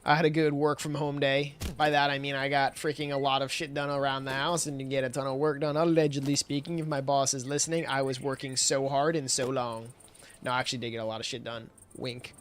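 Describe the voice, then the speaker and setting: A man's voice: medium pitch, little pitch movement, brisk, clean tone. A man livestreaming who chats casually, rambling, swearing and laughing as he talks. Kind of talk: casual stream chat.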